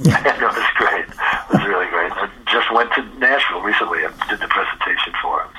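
A very bright, strongly husky older man, a guest musician on a radio show. He tells lively stories and acts out each line of dialogue, swearing freely and laughing often. His voice sits fairly low. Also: fairly quick, low-quality recording. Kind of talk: storytelling interview chat. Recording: radio interview recording.

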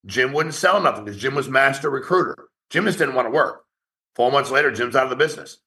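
Speaking in an animated, sharp-toned voice of medium pitch, a company founder pushes his sales agents during an online meeting. The motivational talk is blunt, profane, rapid-fire and challenging.

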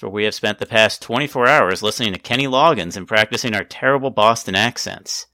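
A man hosting a casual podcast, joking and laughing easily, his voice jumping up in pitch when he jokes. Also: fairly quick, hardly any pauses, sharp tone, no room sound, studio quality. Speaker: podcast host.

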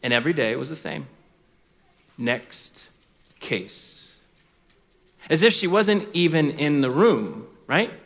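Preacher guy, high bright voice, slow dramatic storytelling, big echo hall. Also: animated, creaky. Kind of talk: sermon storytelling. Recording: long reverb of a large hall.

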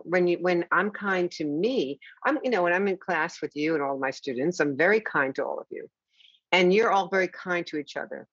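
A woman hosting a conversation, talking warmly and reassuringly about her teaching. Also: on the low side, slightly rough, no echo. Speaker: host and teacher. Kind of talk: conversational interview. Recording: dull lo-fi dry sound.

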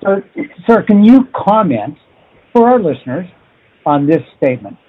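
Enthusiastic husky male podcast host. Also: sits high, big pitch swings, normal speed, narrow, tinny audio. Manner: enthusiastic, encouraging, emphatic. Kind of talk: casual podcast interview.

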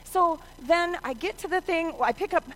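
Brief: middle-aged woman storyteller, bright high voice, dramatic shouts and hushed asides. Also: moderate pace, rough recording. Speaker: mother telling a story. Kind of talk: animated personal storytelling.

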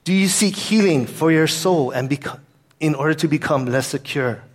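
A man's voice: on the high side, moderate pace. A man pastor giving a sermon in an earnest, conversational way, weaving in a personal story.

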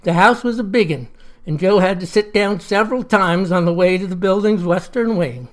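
A woman spins a fireside tale in a folksy, chatty way. Her voice sits at a middling pitch. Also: moderate pace. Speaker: storyteller.

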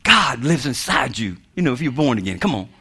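A man's voice: medium pitch, sing-song, fairly quick, pushed and bright, breathy edge. A male minister preaching with humor, laughing often, acting out voices in his stories and calling out amen and come on.

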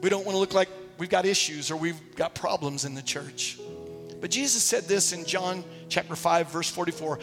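A man's voice: fairly high pitch, moderate pace, fairly bright tone, in a large hall, soft background music. A man, a pastor, preaching a sermon and telling stories with acted quotes, in a church sanctuary.

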